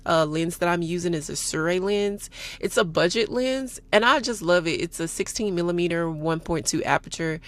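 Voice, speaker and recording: A woman's voice: on the low side, a bit bright. A woman in her forties from Texas, talking to her viewers in a chatty, candid vlog and calling them y'all. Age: 40s. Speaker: vlogger. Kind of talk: casual vlog chat.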